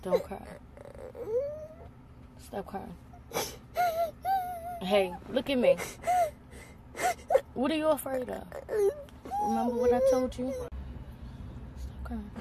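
A woman's voice: sits high, wildly swooping pitch, unhurried, vocal fry, long pauses, heavy background noise. A woman in her twenties in a heated, defiant confrontation, profane and insistent, recorded on a phone inside a parked car. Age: 20s. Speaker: driver confronting police.

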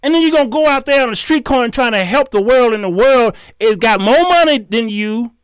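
High-voiced man ranting like a preacher. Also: expressive, a little fast, smooth, no room sound, clean studio sound. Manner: preachy, scolding, repeats phrases for emphasis. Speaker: host. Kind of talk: heated commentary rant.

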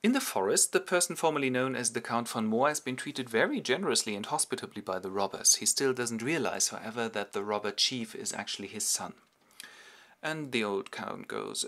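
A man's voice: lowish voice, moderate pace. A man, hosting a playful comic retelling of a play with toy figures. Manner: playful, animated. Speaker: host.

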